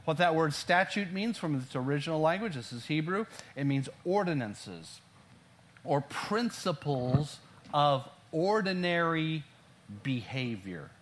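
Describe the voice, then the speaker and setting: A man with a somewhat high-pitched voice delivers a sermon. He reads verses slowly and with emphasis, then explains them to the congregation. He repeatedly tells listeners to underline words in their Bibles. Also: big pitch swings, a little hiss or hum. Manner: emphatic, slows down to read verses aloud. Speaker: pastor. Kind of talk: sermon teaching through scripture.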